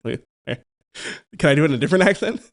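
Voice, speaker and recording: A man's voice: a little high, animated, brisk, creaky. Man talking things through on a podcast. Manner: analytical, thinks aloud with fillers and restarts. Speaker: podcast co-host. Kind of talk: casual sports podcast chat.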